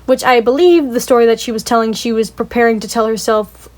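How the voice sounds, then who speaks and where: A woman's voice: a little high, steady tone, fairly quick, a little mellow. A young woman casually retelling a story for a video review, rambling with lots of "like" and swearing, and gushing about how sad it was. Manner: emotional, gushing.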